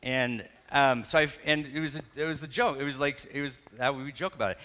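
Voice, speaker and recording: Middle-aged guy preaching, pastor telling a story, chatty and self-correcting, kinda bright tone, church hall echo. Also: mid-range voice, fast talker, few pauses. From Canada. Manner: conversational, self-correcting, animated retelling with acted quotes. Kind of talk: sermon with personal story.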